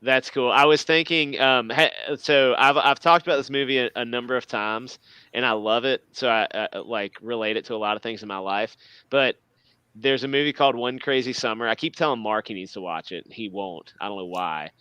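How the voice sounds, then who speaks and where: A man co-hosting a live podcast, chatting in a rambling, animated way. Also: medium pitch, brisk, clean tone, no room sound. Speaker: podcast co-host. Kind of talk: casual chat.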